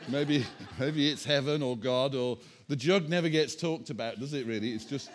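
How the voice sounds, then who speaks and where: Man preaching, lively and chatty, jokes at his own expense, mid pitch. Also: normal speed. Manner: animated, self-mocking, chatty asides to the congregation. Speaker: pastor. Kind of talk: sermon with props. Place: church hall.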